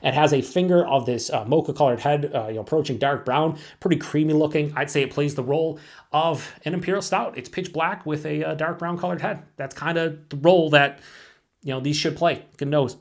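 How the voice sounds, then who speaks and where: A man's voice: on the high side, a little fast. Rambling casual male beer reviewer. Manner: rambling, many fillers, swears casually; talks to himself with self-mocking asides.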